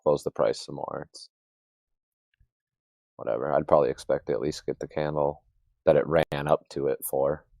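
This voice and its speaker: Very deep-voiced rambling man, dry. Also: fairly even intonation, normal speed, vocal fry, pauses often, a little mellow, no room sound. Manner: rambling, loose, uses hunting analogies. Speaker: trader. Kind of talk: casual trading chat.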